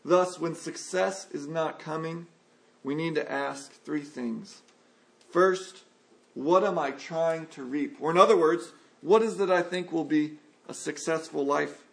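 A man preaches an earnest sermon in a fairly high, gravelly voice. He reads scripture and sometimes jumps up in pitch to act out a frustrated listener's complaints. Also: a little slow, a bit bright.

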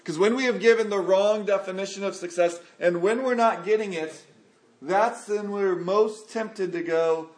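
A man preaches an earnest sermon in a fairly high, gravelly voice. He reads scripture and sometimes jumps up in pitch to act out a frustrated listener's complaints. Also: steady tone, moderate pace.

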